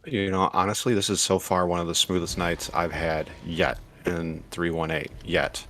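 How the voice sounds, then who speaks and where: A man giving casual gameplay commentary as a streamer, explaining tactics in a relaxed way with fillers and restarts. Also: deep voice, moderate pace, a little hiss or hum. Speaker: gaming streamer.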